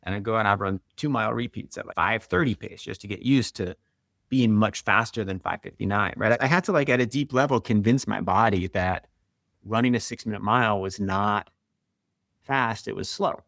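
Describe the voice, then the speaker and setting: Middle-aged man, gravelly edge, dry close sound; chatty storyteller, lots of "like.". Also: lowish voice, dry recording. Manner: animated, quick, with many "like" and "right?". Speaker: guest, author and marathoner. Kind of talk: conversational storytelling.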